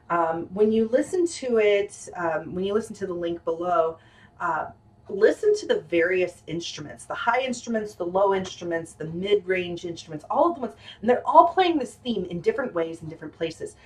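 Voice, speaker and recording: A woman's voice: fairly low pitch, lively intonation, moderate pace, distant mic, poor audio. A woman giving a casual music lesson, chatty and full of ums and restarts, with playful asides and piano playing between her words. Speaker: music teacher.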